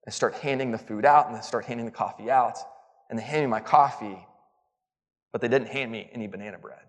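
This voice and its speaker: A man's voice: mid-range voice, brisk. A man giving a church lesson in a chatty, self-mocking storytelling style that builds to emphatic points. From Southern United States. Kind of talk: storytelling sermon. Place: church auditorium. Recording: long reverb of a large hall.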